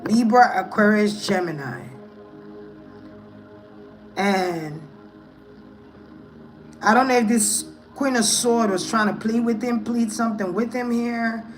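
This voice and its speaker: A woman's voice: fairly high pitch, slow, long pauses, soft background music, low-quality recording. A woman giving a casual tarot reading, thinking aloud in a hesitant, musing way. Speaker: tarot reader.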